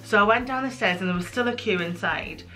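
A woman's voice: medium pitch, fast, music in the background. A young British woman telling a candid, self-mocking story in a casual chat. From United Kingdom. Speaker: guest.

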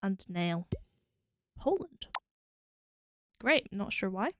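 Slow-talking Scottish woman streamer. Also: mid-range voice, sing-song. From Scotland. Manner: musing, trying combinations out loud. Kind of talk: casual thinking aloud while playing.

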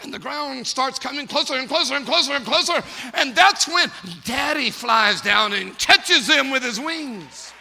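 A male pastor preaching a sermon in a storytelling way, building up to shouting. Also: very high-pitched, animated, moderate pace, gravelly, hardly any pauses, a faint crowd. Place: church sanctuary. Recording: long reverb of a large church.

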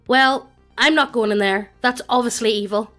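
An impatient, grumbling male fighter, voiced by a computer woman's voice complains bluntly. The reading is mechanical and a touch high. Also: moderate pace, bright, forceful tone, soft background music. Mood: grumpy.

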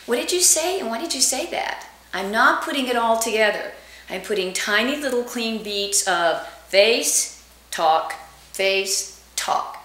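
A woman's voice: a little high, a bit bright, roomy sound. A middle-aged woman acting coach giving a casual, bubbly lesson, laughing often and acting out example lines. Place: home studio room with her dog.

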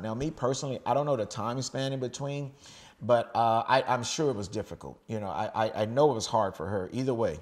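A middle-aged American man preaching a sermon in a relaxed, conversational way, often checking in with "okay?" and restarting his phrases. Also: medium pitch, a little fast. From United States. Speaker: pastor.

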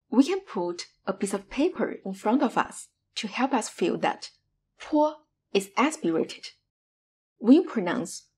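A woman's voice: mid-range voice, breathy edge. A woman teaching Mandarin pronunciation, modeling each syllable with exaggerated tones in a scripted lesson.

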